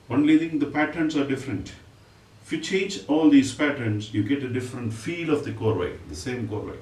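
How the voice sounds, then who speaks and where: A man teaching a music lesson, explaining patiently and reciting drum syllables in quick bursts. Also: medium pitch, a little mellow. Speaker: rhythm teacher. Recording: echoey room, mic at a distance, faint noise.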